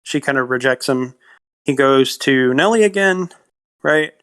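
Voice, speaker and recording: With a mid-range, fairly bright voice that's clear and resonant, a man speaks a little slowly. He's a podcast co-host casually recounting a film plot, wandering along with many fillers and quoted lines of dialogue.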